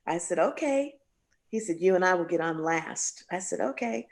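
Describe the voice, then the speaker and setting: A woman's voice: normal speed, creaky. A woman jazz singer being interviewed, telling a story with lots of voices for the people in it. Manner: animated storyteller, acts out quoted voices with big pitch jumps.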